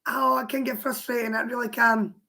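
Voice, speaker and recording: A Scottish woman speaks in a fairly high voice that has gone hoarse and worn. She chats casually on a livestream, answering her viewers' comments aloud as they come in. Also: level tone, brisk, sharp tone.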